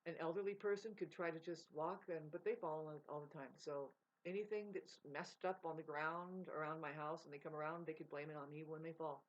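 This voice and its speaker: A woman's voice: deep voice, steady tone, fairly quick, hardly any pauses. A woman vlogging in a rambling, profane casual monologue, laughing mid-sentence. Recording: dull lo-fi sound.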